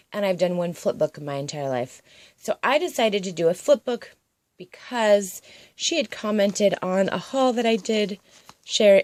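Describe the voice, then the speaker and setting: A woman's voice: mid-range voice, no echo. A woman casually showing a handmade craft project, chatting and rambling with frequent ums and asides. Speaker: paper crafter. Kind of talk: casual craft show-and-tell.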